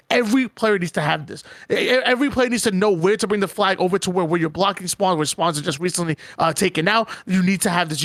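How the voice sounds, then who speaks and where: A man's voice: high-pitched, a bit bright, no echo. A man co-hosting a podcast, talking emphatically and ranting, often stammering as he restarts his sentences. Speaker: podcast co-host. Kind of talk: casual podcast discussion.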